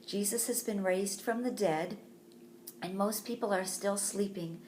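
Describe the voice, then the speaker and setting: A woman teaching a Sunday school lesson for children, telling a Bible story slowly and expressively. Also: medium pitch, darkish tone, roomy sound, a little hiss or hum.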